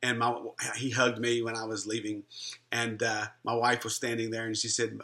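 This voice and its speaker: A middle-aged man tells a personal story about friendship with bright, clear-edged energy. His delivery is earnest and conversational, full of small restarts as he gathers his thoughts. He sounds like a minister sharing a testimony. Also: fairly low pitch, little pitch movement, moderate pace. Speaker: Christian minister and life coach.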